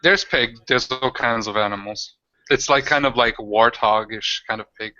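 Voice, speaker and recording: A man's voice: medium pitch, bright, forceful tone, no echo, muffled recording. A man narrating as dungeon master, stopping and restarting often as he describes the scene. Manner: halting, many restarts. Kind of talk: narrating a tabletop game.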